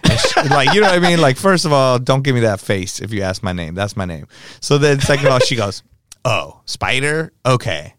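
A man chats casually on a podcast, telling a story and acting out each person's quotes. His voice is smooth and resonant. The sound is close and dry, with no room to it. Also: mid-range voice, animated, quick pace, fairly bright tone, dry recording. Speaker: DJ guest telling stories.

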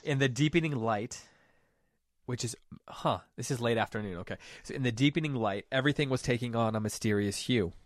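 A man's voice: mid-range voice, a little fast, no room sound, studio quality. A man co-hosting a book discussion podcast, reflecting aloud and reading passages from a story. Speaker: podcast co-host.

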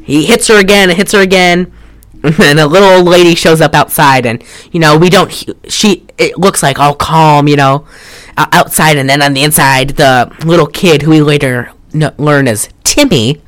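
A podcast co-host in a rambling, excitable, casual movie review chat, often laughing and swearing. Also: medium pitch, normal speed, dry recording.

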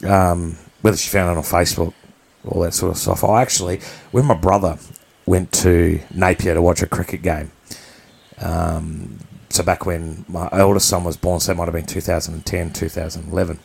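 A man's voice: deep voice, little pitch movement, moderate pace, gravelly, husky. A man from New Zealand, co-hosting a podcast, telling a personal story in a candid, blunt, rambling way. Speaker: podcast co-host.

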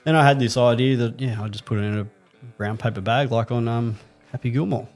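A man's voice: mid-range voice, steady tone, a little fast, a little mellow, faint music behind. A man co-hosting a podcast, telling crude stories in a casual, swear-heavy chat. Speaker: podcast co-host.

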